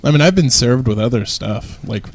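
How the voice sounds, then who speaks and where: A man's voice: medium pitch, animated, normal speed, slight background noise. A young man hosting a casual podcast, rambling and self-mocking, laughing often as he talks. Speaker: podcast host. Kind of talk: casual chat.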